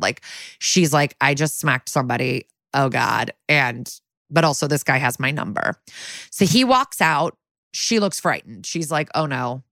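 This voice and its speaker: A woman podcast co-host, casually recapping a TV episode and acting out the characters' lines in quick little voices. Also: low voice, a bit bright, dry recording, clean studio sound.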